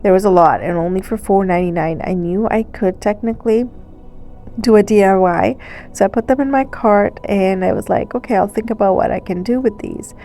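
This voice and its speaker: A woman with a stuffy nose doing a chatty, relaxed voice-over for a thrift shopping vlog. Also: medium pitch. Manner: chatty, relaxed, with fillers and small laughs. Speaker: thrift vlogger. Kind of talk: casual voice-over narration. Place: recorded voice-over.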